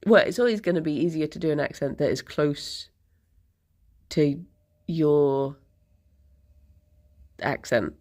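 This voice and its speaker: A woman's voice: low-pitched, animated, slow pace, pauses often, darkish tone. A young woman from near London, chatting casually with her stream viewers, laughing often and losing her thread mid-sentence. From England, near London. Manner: chatty and giggly, drifting off mid-thought.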